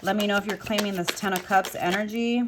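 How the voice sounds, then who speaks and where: A woman's voice: mid-range voice, steady tone, fast talker, background noise. A woman giving a tarot card reading to camera. She speaks emphatically and with passion, builds her points with rhetorical questions, and repeats motivational phrases. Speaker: tarot reader.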